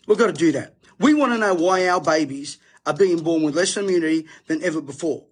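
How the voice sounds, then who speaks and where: A middle-aged Australian host delivers a fired-up, preachy monologue to camera, emphatic and impassioned. His husky voice is fairly high and fairly quick.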